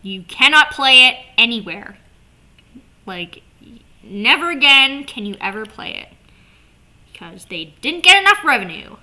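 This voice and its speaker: A woman vlogger chatting casually to camera, animated and swearing, with lots of "like" fillers. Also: sits high, a little slow, long pauses.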